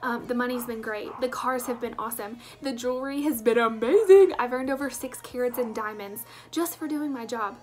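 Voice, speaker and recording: A woman's voice: on the high side, brisk, few pauses, darkish tone. A woman, telling her story as a sales director with enthusiastic emphasis. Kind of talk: personal testimonial.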